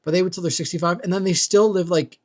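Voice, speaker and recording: A man's voice: high voice, steady tone, fast, darkish tone. A young man ranting casually about his neighbors, rambling and swearing, with "like" and "dude" in every sentence. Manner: rambling, profane, heavy use of "like" and "dude". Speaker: vlogger. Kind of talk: casual rant.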